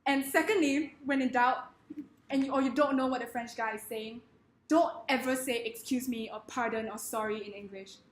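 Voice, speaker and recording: A woman giving a comedic presentation in a wry, deadpan manner. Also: high-pitched, normal speed, reverberant.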